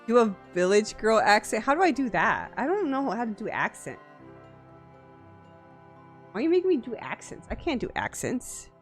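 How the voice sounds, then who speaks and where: A woman streamer talks casually to her chat in a playful, giggly way, gushing over what she sees on screen. Her pitch bounces lively up and down, and faint music plays behind her desk mic. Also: moderate pace, long pauses.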